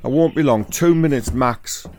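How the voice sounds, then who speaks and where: A man with a mid-pitched voice who talks listeners through a comedy sketch as a running commentary. He keeps up a chatty flow with the odd loud outburst. Faint noise sits in the background. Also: moderate pace. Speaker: comic presenter.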